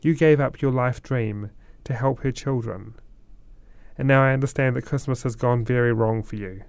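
A man voicing a kindly older stranger with a white beard, reassuring and lively. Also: mid-range voice, moderate pace, smooth, no room sound, lightly acted.

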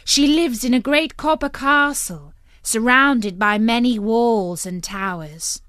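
A woman's voice: a little high, slow, a bit bright, clear, resonant tone, no echo, studio quality. A woman voicing eager townspeople in a read-aloud storybook, telling news in an earnest, telling manner. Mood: gossipy.

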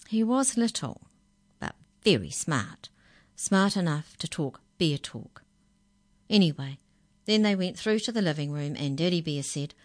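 A woman reading a children's story aloud in a gentle, patient way. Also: low-pitched, lively intonation, unhurried, dry recording, clean studio sound.

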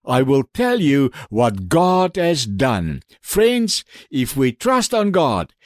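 A man preaching on the radio as a pastor, telling an animated story and calling his listeners friends. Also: medium pitch, slow, dry recording, clean studio sound.

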